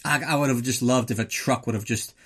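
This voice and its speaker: A man's voice: mid-range voice, steady tone, brisk, husky, natural voice. A man voicing a cranky old man who fusses indignantly about noisy troublemakers. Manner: fussy, indignant grumbling.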